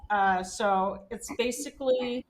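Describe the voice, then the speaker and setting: A woman's voice: a little high, slow pace, low-quality recording. A woman co-hosting a casual livestream, explaining and correcting in a matter-of-fact way. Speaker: co-host.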